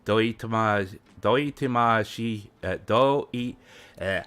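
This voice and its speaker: A man's voice: lowish voice, takes it slowly, a bit bright, clear, resonant tone. A man live-streaming as he practices a language, chatting casually in a rambling way and chuckling often. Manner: rambling, chuckles often while sounding out words. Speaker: live streamer learning Japanese.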